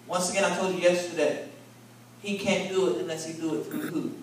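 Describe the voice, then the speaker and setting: This bishop's voice sits high and stays steady as he speaks fairly quickly, teaching a sermon in a chatty, folksy style with call-and-response from the congregation. The recording comes from far off in a large church convention hall, echoey with faint room noise.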